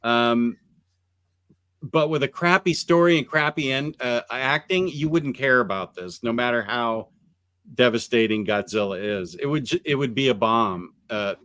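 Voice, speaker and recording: A man hosting a casual podcast chat, talking haltingly with many ums and restarts. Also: mid-range voice, fairly bright tone, clean tone, dry recording. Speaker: podcast host. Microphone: USB microphone on computer.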